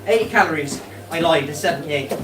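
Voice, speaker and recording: A man's voice: a little high, a little fast, noisy background. Man ribbing his chat viewers. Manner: teasing banter with viewers, chuckling often. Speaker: live streamer. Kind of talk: casual live-stream chat.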